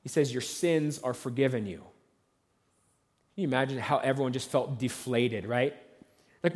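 A man's voice: medium pitch, moderate pace, pauses often, darkish tone, big-room sound. A man preaching a sermon as pastor, telling the story conversationally and acting out the voices of the onlookers.

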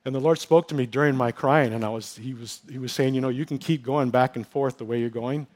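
A man's voice: medium pitch, steady tone, fairly quick, a little mellow. A middle-aged male pastor giving an earnest, emotional testimony in a sermon, telling his story with many fillers and restarts.

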